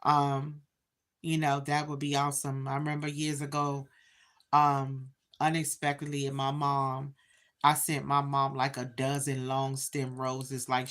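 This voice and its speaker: A woman's voice: rumbling low, fairly bright tone. A woman in her fifties chatting casually to viewers on a livestream, talking straight to them with lots of "you know"s. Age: 50s. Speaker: livestream host.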